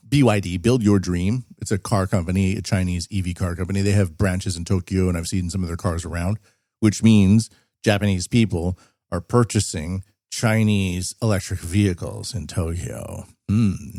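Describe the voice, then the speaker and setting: A man's voice: low-pitched, warm tone, no room sound, studio quality. A man hosting a podcast, reading news articles aloud and rambling through sarcastic asides. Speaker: podcast host. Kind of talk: casual news commentary.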